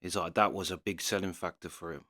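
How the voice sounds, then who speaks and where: A man's voice: sits low, steady tone, quick pace, sharp tone, dry recording, clean studio sound. A man hosting a reaction video, musing casually and hesitantly with restarts. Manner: thinking aloud, hesitant, restarting sentences. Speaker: reaction channel host. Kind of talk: casual commentary.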